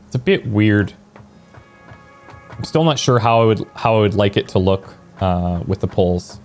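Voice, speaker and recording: A man's voice: on the low side, lively intonation, moderate pace, pauses often, darkish tone, soft background music. A man streaming a video game, chatting casually and thinking aloud as he plans, now and then answering viewers. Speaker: let's play streamer. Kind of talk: casual gameplay commentary.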